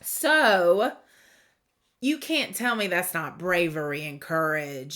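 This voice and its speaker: A woman giving a tarot reading to camera, speaking in a heartfelt, reflective way with pauses and fillers. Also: on the low side, expressive, sharp tone. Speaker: tarot reader.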